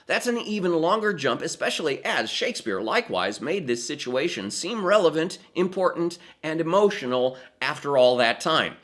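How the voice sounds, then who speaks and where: A man giving scripted, explanatory narration as a theatre presenter, with a deliberate, emphatic storytelling cadence. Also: fairly high pitch, very animated, fairly bright tone.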